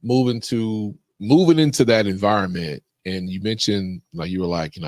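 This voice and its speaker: A man's voice: fairly low pitch, moderate pace, hardly any pauses, darkish tone, no echo, studio quality. A man hosting a podcast, asking long, searching questions and rephrasing as he goes. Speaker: podcast host. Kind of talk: interview questions.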